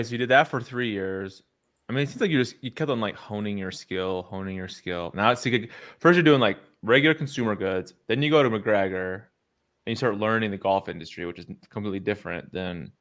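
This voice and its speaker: A man's voice: lowish voice, brisk, a bit bright. A man hosting a podcast, asking casual interview questions with loose filler words. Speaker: podcast host.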